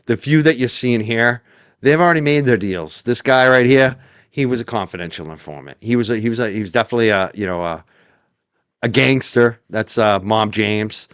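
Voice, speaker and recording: A man's voice: mid-range voice, a little fast, a bit bright, clear, resonant tone, dry recording. A man co-hosting a casual streaming chat, sardonic and laughing, explaining a topic in detail. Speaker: co-host. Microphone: streaming mic.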